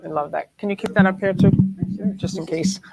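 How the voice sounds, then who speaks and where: A woman leading a spiritual discussion group, responding to members and animated when quoting them. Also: medium pitch, a little fast, vocal fry, background noise. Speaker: group leader.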